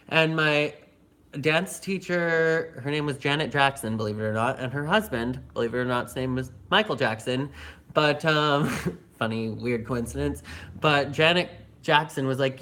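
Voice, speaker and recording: A young man casually telling a story on a livestream, chatty and animated, with lots of filler words and laughter. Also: on the high side, normal speed. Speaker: vlogger.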